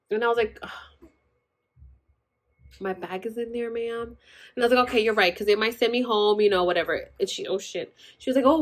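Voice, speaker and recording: A woman's voice: on the high side, fairly bright tone. Chatty young woman telling a story. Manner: chatty, full of "like" and acted-out quotes. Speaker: vlogger telling her birth story. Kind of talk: casual storytelling.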